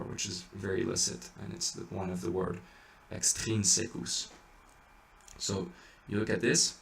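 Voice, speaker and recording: A man's voice: low-pitched, gravelly, a little hiss or hum. A man teaching how to chant, patiently explaining each step in a casual way. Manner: patient, explains in small steps. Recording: echoey room, distant mic, faint ambience.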